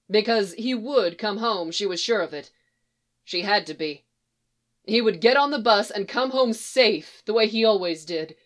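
A woman narrating a story aloud in a calm, steady reading voice, voicing the dialogue herself. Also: medium pitch.

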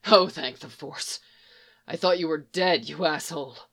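A narrator voicing a wounded older man who is hoarse and urgent with worry. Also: medium pitch, a little slow, a bit bright. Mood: relieved. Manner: hoarse, raised and urgent when calling out.

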